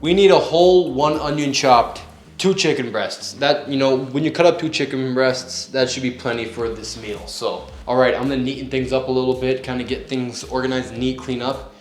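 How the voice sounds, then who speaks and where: A man's voice: mid-range voice, normal speed. Joking young man cooking in an echoey kitchen. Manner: chatty and joking, yelps from onion tears. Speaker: home cook. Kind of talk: casual cooking vlog. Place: home kitchen. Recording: echoey room, faint music.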